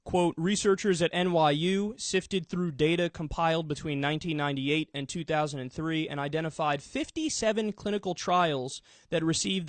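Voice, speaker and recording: Man with a fairly high voice reading news with commentary, dry close sound. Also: no room sound. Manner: matter-of-fact, explanatory.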